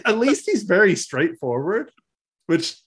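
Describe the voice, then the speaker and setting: Man, mid-pitched voice, joking podcast banter, frequent laughter, casual swearing. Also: lively intonation, normal speed. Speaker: podcast co-host. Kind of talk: casual chat.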